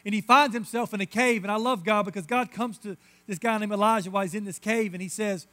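A man preaching as a pastor, emphatic and insistent, moving between loud declarations and hushed asides. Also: high-pitched, steady tone, fast. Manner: repetitive, insistent phrasing. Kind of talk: sermon.

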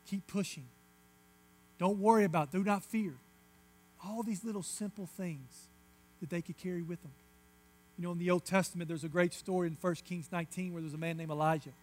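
A man preaching as a pastor, emphatic and insistent, moving between loud declarations and hushed asides. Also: sits high. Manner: repetitive, insistent phrasing. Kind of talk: sermon.

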